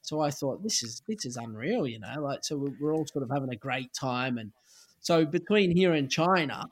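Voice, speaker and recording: Speaking at a moderate pace with medium pitch, this former footballer, a middle-aged Australian, relates a story casually. He brings it to life by performing the quoted lines of its characters.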